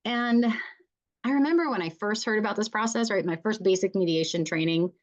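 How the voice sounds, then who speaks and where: A woman's voice: medium pitch, brisk. A woman mediator giving an earnest, encouraging conference talk to fellow mediators, often checking in with "right?".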